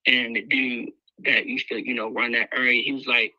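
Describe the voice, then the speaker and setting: A man's voice: mid-range voice, little pitch movement, normal speed, sharp tone, no echo, highs cut off. A man telling a raw personal story, candid and emotional, full of fillers. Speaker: guest speaker sharing his life story.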